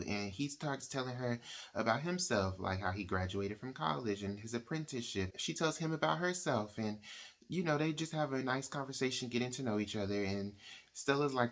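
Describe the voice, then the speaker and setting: A book reviewer with a fairly low pitch and brisk delivery casually retells a novel's plot, chatting away and often acting out characters' lines with "like" and "she's like" quotes.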